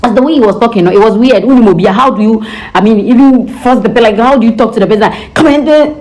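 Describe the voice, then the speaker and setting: A young Ghanaian woman telling a personal story in an animated way, mixing in pidgin and acting out the dialogue. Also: a little high, fast talker, poor audio. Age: young adult.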